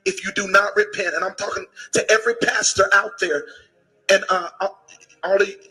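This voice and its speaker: A man's voice: high-pitched, sharp tone, breathy edge, low-quality recording. A man preaching in a combative, boisterous way, insulting his critics and raising his voice. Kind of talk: fiery livestream preaching.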